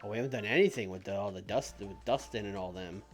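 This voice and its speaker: A man's voice: lowish voice, fast. A man streaming a game, talking casually and offhand, thinking aloud and swearing now and then. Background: faint background music.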